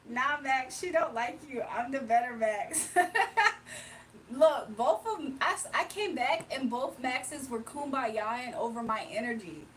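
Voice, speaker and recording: Woman livestream host from Virginia, high voice, relaxed banter with chat, slightly distant mic. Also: measured pace, hardly any pauses, a little hiss or hum. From Virginia, USA. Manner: chatty, laughs often, reads chat aloud. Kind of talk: casual livestream chat reading comments.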